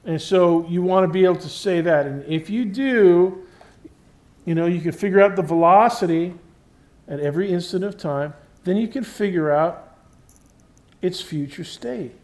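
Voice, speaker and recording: A man's voice: high-pitched, moderate pace, a little mellow. A man giving a university physics lecture in a conversational classroom style, often checking in with the class and stressing key terms. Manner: stresses key words while explaining.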